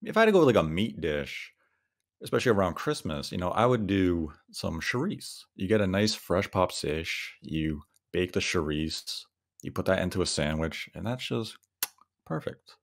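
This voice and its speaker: Deep-voiced man chatting about food. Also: lively intonation, normal speed, creaky. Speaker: podcast co-host. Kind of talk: casual chat.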